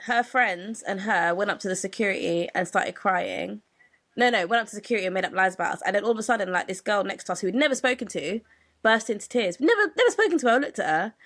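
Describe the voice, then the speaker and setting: A young woman, co-hosting a podcast and telling a story in a casual, animated way, acting out the people in it. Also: medium pitch, quick pace. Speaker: podcast co-host.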